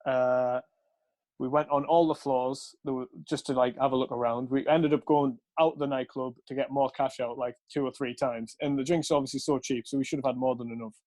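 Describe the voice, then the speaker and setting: A man's voice: medium pitch, steady tone, fairly quick, darkish tone. A young man, casually telling a rambling night-out story, laughing and swearing between fillers. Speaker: podcast co-host.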